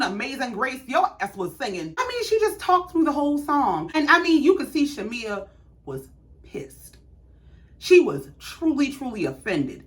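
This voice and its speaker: Brief: woman, reality recap host, lively, higher voice, blunt and cussing. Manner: sassy, blunt, profane storytelling. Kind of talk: casual reality show recap.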